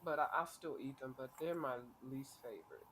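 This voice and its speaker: Lively woman chatting while she colors. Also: a bass voice, moderate pace. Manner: animated, laughing often, playful. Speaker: host. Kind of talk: casual chat while coloring on a livestream.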